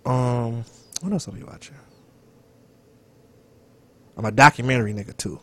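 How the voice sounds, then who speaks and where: A man co-hosting a casual podcast chat, loud and animated, profane, sometimes dropping to a whisper. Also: mid-range voice, moderate pace. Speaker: podcast co-host.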